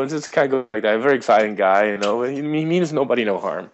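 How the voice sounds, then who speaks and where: A man's voice: medium pitch, quick pace, dull audio. Rambling man telling a funny story. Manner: rambling, animated, lots of fillers and restarts. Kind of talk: casual storytelling chat.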